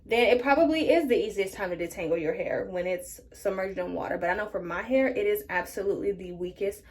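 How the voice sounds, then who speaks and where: A woman's voice: medium pitch, quick pace. A woman vlogger chatting casually through a hair care tutorial, talking straight to her viewers. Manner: chatty, addresses viewers as you guys. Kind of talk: casual tutorial talk to camera.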